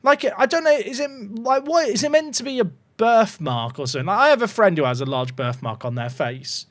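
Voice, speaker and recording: A man's voice: high-pitched, animated, fairly quick, dry recording. A man casually commentating on his football management game, chatty and full of joking asides to his viewers. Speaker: gaming YouTuber.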